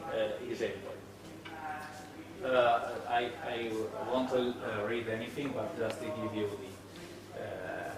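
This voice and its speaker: Hesitant lecturer in an echoey room. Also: male voice, medium pitch. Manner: hesitant, many fillers and restarts. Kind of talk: classroom lecture on web development. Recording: echoey room, mic at a distance, noisy.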